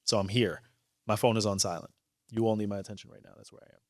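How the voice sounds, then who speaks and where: A man in his thirties with a New York accent speaks in a fairly low voice, recorded cleanly in a studio with no echo. He's a judge telling stories on stage in a conversation before an audience, animated, candid and earnest, often restarting his sentences quickly.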